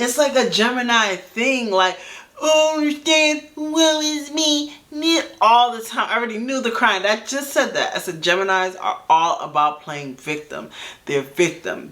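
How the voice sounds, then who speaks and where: Reaction host: woman with a sharp, bright voice, blunt and opinionated, talks to camera. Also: medium pitch, animated, moderate pace. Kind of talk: casual reaction commentary.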